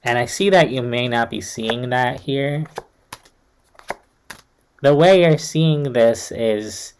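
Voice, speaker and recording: A man's voice: medium pitch, takes it slowly, long pauses, a little mellow, smooth. Chatty young man giving a tarot reading. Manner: chatty, reassuring, uses many fillers like "like" and "kind of". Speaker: tarot reader. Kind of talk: casual tarot reading to camera.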